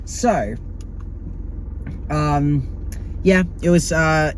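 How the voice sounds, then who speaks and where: A high-pitched young man chats through his video diary with theatrical sass. He swears freely and flies into exasperated outbursts. Faint car noise sits behind him. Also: drawn-out words. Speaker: vlogger.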